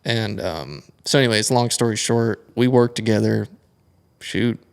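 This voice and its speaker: Gravelly young man telling a long story. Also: fairly low pitch, a little slow. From United States. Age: young adult. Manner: rambling, animated storytelling with many fillers. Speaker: guest, flat track racer. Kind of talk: casual storytelling interview.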